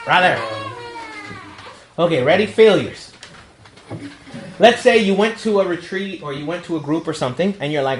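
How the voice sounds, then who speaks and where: A male priest speaks to a young adult group in a relaxed, conversational way. He jokes and slips into quoted back-and-forth exchanges. His voice rings around an echoey room over a faint hiss of background noise. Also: a little high, fairly quick. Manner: conversational and humorous, acts out quoted dialogue. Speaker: priest leading a young adult ministry meeting.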